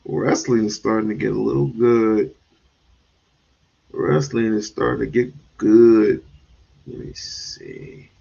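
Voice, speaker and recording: A man hosting a livestream, ranting in commentary with sudden loud bursts and chuckles. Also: lowish voice, flat delivery, slow pace, vocal fry, long pauses, breathy edge, highs cut off. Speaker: streamer host.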